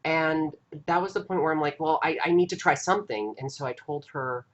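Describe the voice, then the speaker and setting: A man hosting a live stream, earnestly recounting an experience in a halting, casual way with frequent restarts. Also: on the high side, a bit bright, dull audio, a little hiss or hum. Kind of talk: casual storytelling.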